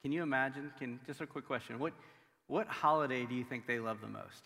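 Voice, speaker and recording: Pastor, man in his 30s, chatty and animated, bright forceful tone, booming church reverb. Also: a little fast, vocal fry. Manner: conversational, filler-heavy, animated storytelling. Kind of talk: sermon with humorous family stories. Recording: long hall reverb.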